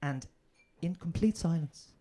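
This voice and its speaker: A man's voice: on the high side, measured pace, dark tone. A man with an Irish accent performing a stand-up comedy set, telling stories in a brash, profane way. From Ireland. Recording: comedy club audience laughter.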